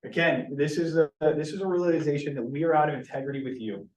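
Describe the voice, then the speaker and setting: A man's voice: a little high, fast talker, a little mellow, dull audio. Earnest man speaking in a roomy meeting room. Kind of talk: team meeting talk. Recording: roomy, from a distance.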